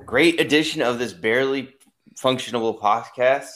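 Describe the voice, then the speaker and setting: A man's voice: medium pitch, moderate pace, fairly bright tone. A man hosting a podcast, opening with brash, crude greetings in casual banter. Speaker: podcast host.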